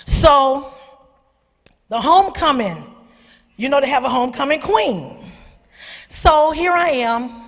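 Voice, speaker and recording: A middle-aged woman, husky-voiced, telling a personal testimony to young people in a church, animated and calling out to her listeners. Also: high-pitched. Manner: animated storytelling, calls out to the audience. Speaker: speaker at a church youth service. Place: church sanctuary. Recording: long hall reverb.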